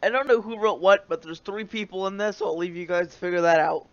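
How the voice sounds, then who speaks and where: A man's voice: high voice, fast talker, dry recording. A young man casually reading a note aloud, giggling and breaking into laughter often. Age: young adult. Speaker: vlogger. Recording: dull lo-fi dry recording.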